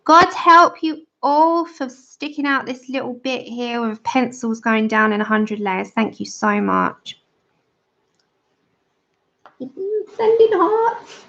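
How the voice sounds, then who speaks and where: A woman's voice: a little high, steady tone, measured pace, hardly any pauses, sharp tone. A woman hosting a casual livestream, chatting and greeting viewers by name as she colours. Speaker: livestream host of a colouring channel. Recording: dull lo-fi stream audio.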